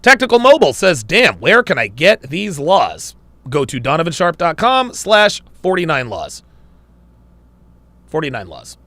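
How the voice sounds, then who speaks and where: Animated, crude livestream host. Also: male voice, on the high side, measured pace, dry recording. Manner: animated, crude, joking banter. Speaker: livestream host reading chat. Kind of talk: casual livestream chat.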